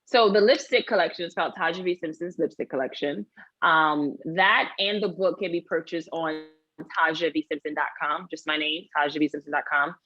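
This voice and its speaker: A woman's voice: low voice, brisk, dry recording, lo-fi sound. A woman guest, an actor and author, chatting in an interview and acting out quoted voices as she tells stories. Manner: animated storyteller, acts out quoted voices. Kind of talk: casual interview chat.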